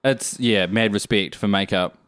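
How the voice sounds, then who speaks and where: A man's voice: fairly low pitch, fairly even intonation, normal speed, fairly bright tone, clear, resonant tone, dry recording, studio quality. A young man, co-hosting a podcast in casual chat, jokey and full of playful interjections. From New Zealand. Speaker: podcast co-host.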